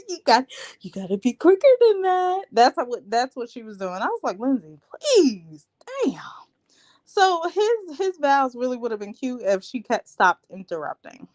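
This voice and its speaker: A woman hosting a live reality TV recap, chatting in a sassy, gossipy, slangy way. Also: a little high. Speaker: show recap host.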